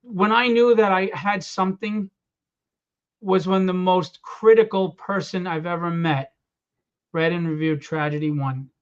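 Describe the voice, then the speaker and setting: High-voiced man telling animated stories. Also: measured pace, smooth. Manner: animated storyteller acting out quotes. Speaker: comic book writer. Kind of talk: casual storytelling. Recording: dull lo-fi sound.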